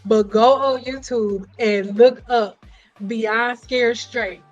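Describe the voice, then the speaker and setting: A woman hosting a casual livestream chat, telling stories in an animated way, acting out the voices she quotes and joking bluntly with her viewers. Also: a little high, takes it slowly, lo-fi sound, faint music behind. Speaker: livestream host. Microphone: computer mic on a livestream.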